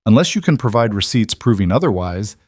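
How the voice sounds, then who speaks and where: A man's voice: lowish voice, sing-song, fairly quick, a little mellow, slightly rough, dry recording, clean studio sound. A man voicing a cold corporate HR officer who speaks in a formal, bureaucratic way.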